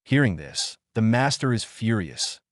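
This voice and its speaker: A man with a low voice tells a dramatic story recap in a hyped way, his pitch swinging widely from line to line. He drops in casual asides to the listener, and the sound is dry and close. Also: big pitch swings, measured pace, dry recording. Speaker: recap narrator.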